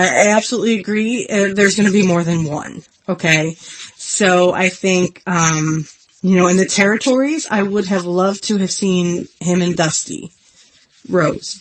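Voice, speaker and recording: A woman's voice: mid-range voice, fairly even intonation, a little slow. Earnest woman hosting a casual podcast. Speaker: podcast host. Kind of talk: casual solo podcast chat.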